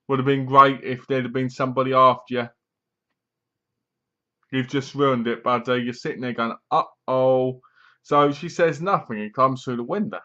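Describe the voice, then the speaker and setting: A man's voice: mid-range voice, pushed and bright. A man giving a casual, rambling film review from home, retelling scenes with acted-out lines and bursts of laughter. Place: home room, seated in a squeaky chair. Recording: dull lo-fi home recording.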